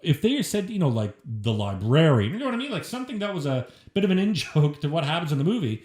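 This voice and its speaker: Lively, joking man in echoey room. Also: fairly high pitch, quick pace. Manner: profane, joking, animated. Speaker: podcast co-host. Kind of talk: casual movie review chat. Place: shared room, filmed.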